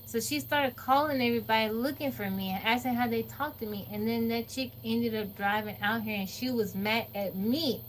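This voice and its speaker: Woman streamer, animated chat, slightly high pitch, light noise behind. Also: normal speed, few pauses. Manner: animated storyteller, acts out quotes, laughs often. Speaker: livestream host. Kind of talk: casual chat with live viewers. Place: off-grid home.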